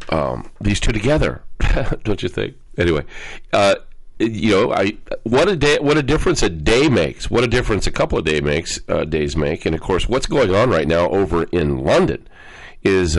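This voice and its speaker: A man hosting talk radio in a fairly low voice, recorded dry and close with no room sound. He rambles through fillers and doubled words, then pushes into emphatic, louder stretches. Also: no echo, poor audio. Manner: rises into emphatic, louder bursts. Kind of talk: political talk radio monologue.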